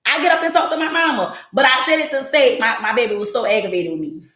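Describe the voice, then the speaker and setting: Talking fast in a voice on the high side, this forties-aged podcast host addresses her live listeners in a loose, blunt, profanity-heavy monologue. She's animated and jumps into quoted voices, and the room is echoey.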